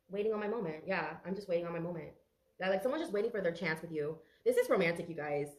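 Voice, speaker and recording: Fast-talking woman reading tarot. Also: medium pitch, reverberant. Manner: chatty, emotional, swears casually, talks straight to viewers. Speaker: tarot reader. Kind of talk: casual tarot reading to camera.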